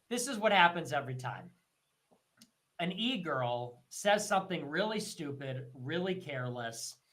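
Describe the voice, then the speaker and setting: High-voiced man ranting, profane. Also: sharp tone. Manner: heated, profane, repetitive; mocks others in shrill put-on voices. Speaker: livestream host. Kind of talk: ranting commentary.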